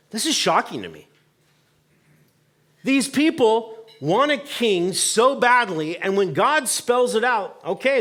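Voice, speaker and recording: A male pastor preaching in a church, with a fairly high voice that swings widely in pitch. He talks conversationally, uses fillers, and asks the congregation questions. He acts out the voices in the Bible story as he goes. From United States. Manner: animated, acts out voices of people and God in quotes. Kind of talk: sermon. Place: church sanctuary.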